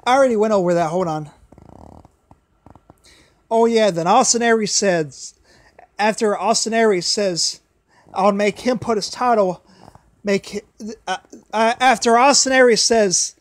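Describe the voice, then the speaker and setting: A man hosts a casual solo wrestling livestream in a fairly high voice, recorded without echo. A sore throat leaves him sounding tired, and he speaks haltingly with frequent restarts and repeated phrases.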